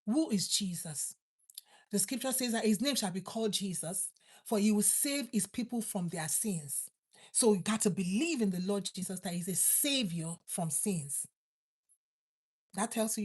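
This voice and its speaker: Woman preacher, fervent prayer, repeats phrases, slows for emphasis, mid-pitched voice. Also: animated, a little mellow, breathy edge. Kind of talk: prayer and sermon.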